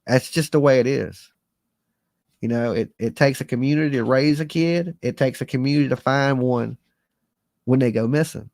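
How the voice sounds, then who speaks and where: A man's voice: medium pitch, normal speed, gravelly, a little mellow, no echo, studio quality. A man in his forties, a live-stream host, talking casually in a rambling, earnest and folksy way with slang to his viewers.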